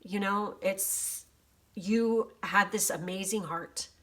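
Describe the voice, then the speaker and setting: A woman's voice: mid-range voice, fairly even intonation, slow, a bit bright. A woman doing a casual tarot reading on her channel, reading aloud from a guidebook and reacting freely with swearing and emotion. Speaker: tarot reader. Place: home office.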